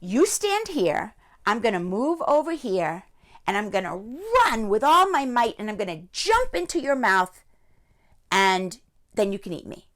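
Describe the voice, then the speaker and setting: A clever little storybook sheep, played by a woman with a raised, sweet voice. She speaks calmly and reasonably, coaxing with a lively lilt. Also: a little high, a little slow. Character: clever calm female sheep.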